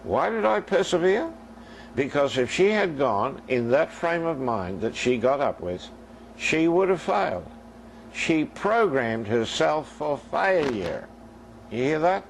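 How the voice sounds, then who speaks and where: A man's voice: a little high, a little hiss or hum, poor audio. An older man preaching a sermon as a minister, telling stories and acting out their dialogue for his congregation.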